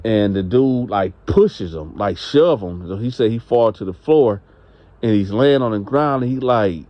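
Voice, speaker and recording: A man's voice: fairly low pitch, expressive, measured pace, highs cut off. Rambling conversational male storyteller. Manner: rambling, conversational, unsure on details. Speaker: channel host. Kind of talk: casual storytelling.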